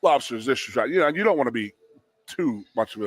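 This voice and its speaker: Animated storyteller, dry close mic. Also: male voice, mid-range voice, brisk, breathy edge, no room sound. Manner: animated storyteller, acts out quotes in raised voices. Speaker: radio show co-host, former college lineman. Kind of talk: casual storytelling on sports radio. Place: studio at a restaurant.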